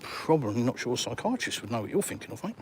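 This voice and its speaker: This is a middle-aged man with an English accent, talking casually at a mid pitch as he strolls outdoors by the sea. His manner is blunt and sarcastic, reading out comments and snapping back at them. A faint outdoor ambience sits under the voice. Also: very animated, quick pace, noisy background. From England. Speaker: vlogger answering live chat. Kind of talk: casual walk-and-talk live stream. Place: outdoors on a seafront.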